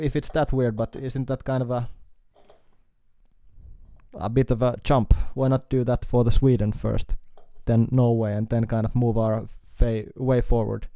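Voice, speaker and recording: A man from Finland with a Finnish accent, chatting casually on a live stream with halting speech, fillers and chuckles. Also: medium pitch, fairly even intonation, warm tone, clear, resonant tone, no echo, studio quality. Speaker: guitar YouTuber streaming.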